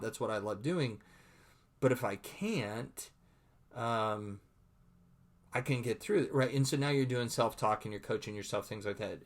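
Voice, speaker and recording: A male lecturer talks through a recorded online lesson in a loose, conversational way. He often stumbles over and repeats words, and voices his own inner thoughts as he goes. His voice sits at an ordinary middle pitch.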